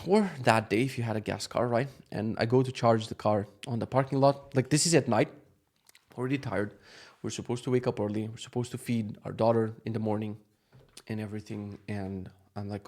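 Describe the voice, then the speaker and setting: A young male vlogger rants casually about a travel mishap, his medium-pitched voice exasperated and full of swearing. Frustration breaks out in animated bursts.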